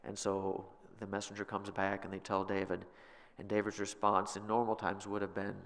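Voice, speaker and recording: A man's voice: on the low side, level tone, a little fast, creaky, long reverb tail. A man teaching a Bible class, retelling scripture in a casual, conversational way, in a church.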